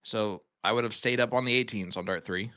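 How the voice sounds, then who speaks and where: Male darts commentator, bright tone, playful banter. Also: fairly low pitch, a little fast. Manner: joking, banters with co-host. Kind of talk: live sports commentary.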